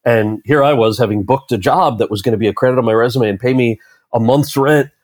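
An actor and author in his thirties, appearing as an interview guest, tells an animated story and acts out the quoted lines of the people in it. His mid-range voice moves a little fast, and the recording is dry.

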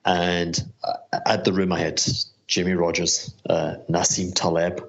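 A man telling a casual anecdote, chuckling and animated. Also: sits low, measured pace, vocal fry, dull audio. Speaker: recorded guest question.

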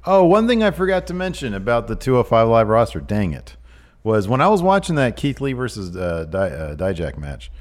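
A man co-hosting a casual chat podcast, eagerly pitching ideas in an animated way. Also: brisk. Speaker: podcast co-host.

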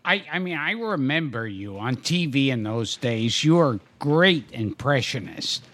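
A man's voice: mid-range voice, big pitch swings, unhurried, fairly bright tone. A man hosting a podcast, asking his guest questions in a leisurely, enthusiastic manner. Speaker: podcast host. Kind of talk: conversational interview.

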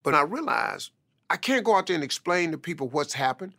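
A man tells his life story in a motivational style, leaning on "man" to drive his points home. His voice is gravelly and forceful, and he delivers with emphatic conviction. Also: on the high side, sing-song, brisk. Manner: emphatic, repeats "man" for stress. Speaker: speaker telling a life story.

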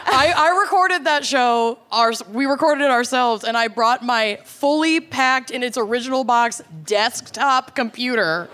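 A woman's voice: a little high, unhurried, few pauses, a bit bright, a little hiss or hum. A woman co-hosting a podcast live on stage, joking playfully with her friends. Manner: playful, jokey. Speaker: podcast co-host. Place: live stage before an audience. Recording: live venue with roaring crowd.

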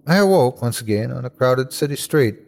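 A man's voice: expressive, a little fast, creaky, darkish tone. A man narrating a scary story in a scripted, dramatic way. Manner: dramatic, swings high for cries. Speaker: host and narrator.

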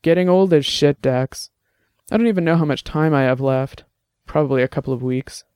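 A man voicing a rapidly aging, gruff old former bruiser who talks bluntly and wryly. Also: fairly high pitch, darkish tone, dry recording, clean studio sound, natural voice. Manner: blunt, salty, wry.

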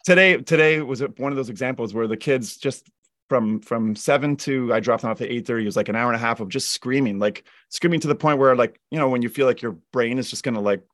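A man's voice: mid-range voice, fast, fairly bright tone, no room sound. Rambling man, dry close sound. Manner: rambling, many "like" fillers and restarts. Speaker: guest drummer. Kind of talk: casual chat.

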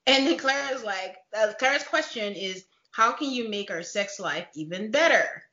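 A woman hosting a casual recap chat, animated and laughing often as she retells scenes. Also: medium pitch, moderate pace. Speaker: podcast host. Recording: dull lo-fi echoey room.

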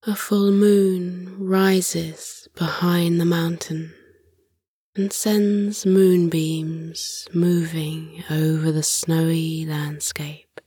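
Woman narrator, whispered bedtime story, very slow, breathy, close dry mic. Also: fairly low pitch, level tone, warm tone, no room sound. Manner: slow, soothing, lulling. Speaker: sleep meditation narrator.

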